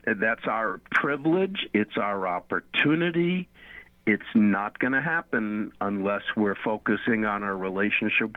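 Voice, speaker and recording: A man's voice: on the low side, no room sound. A man on a Christian radio show, earnestly teaching and repeating phrases for emphasis. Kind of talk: conversational faith talk on radio. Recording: phone-like radio line.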